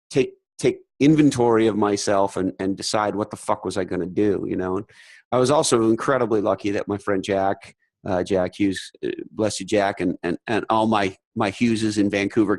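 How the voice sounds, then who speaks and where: Casting note: low, dry-sounding male podcast host, rambling and profane. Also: no echo, low-quality recording. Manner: rambling, halting, swears casually. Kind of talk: casual storytelling chat.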